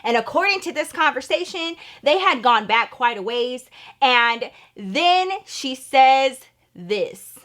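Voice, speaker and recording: A young woman with a slightly high voice tells a story on her vlog, sassy and salty. She swears freely and plays up the drama. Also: expressive, slow, a bit bright. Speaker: vlogger.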